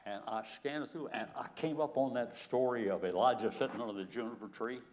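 A man's voice: medium pitch, a little fast, a little mellow, a little hiss or hum. A man in his nineties preaching a sermon, telling stories and chuckling often as he acts out scripture. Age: 90s.

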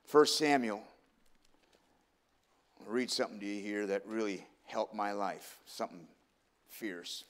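A man's voice: fairly low pitch, measured pace, pauses often. A man preaching a sermon in an earnest, heartfelt way. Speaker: pastor.

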